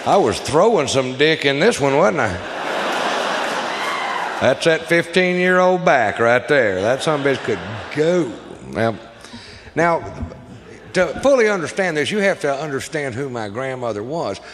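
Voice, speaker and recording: A man's voice: on the high side, animated, measured pace. A man from Texas doing a crude stand-up comedy routine, drawling through stories and putting on voices for the people in them. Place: large theater stage. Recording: live stage with hall reverb and audience noise.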